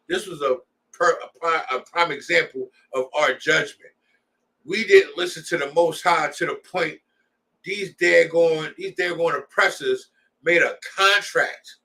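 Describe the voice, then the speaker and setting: A man's voice: on the high side, expressive, a little slow, vocal fry, sharp tone, far from the mic. A man leading a scripture class, preaching in a heated, blunt way with street slang. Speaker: class leader.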